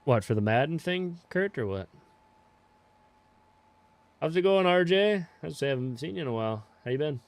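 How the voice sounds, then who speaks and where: A man's voice: on the high side, animated, normal speed, long pauses, no echo. Laid-back young man streaming a farm game. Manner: laid-back, swears casually, greets viewers by name. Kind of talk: casual live-stream chat while playing.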